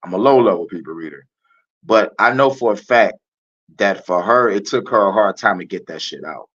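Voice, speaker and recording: At normal speed, a man hosts an animated, profane reaction video, laughing and swearing as he comments and mockingly repeating things in a loud, high voice. The audio is muffled and lo-fi.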